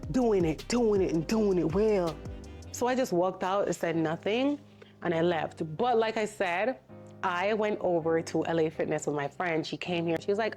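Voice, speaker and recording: A woman's voice: fairly low pitch, moderate pace, faint music behind. A woman vlogger telling a story in a casual, indignant way, acting out the people in it. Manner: animated, indignant retelling with quoted voices.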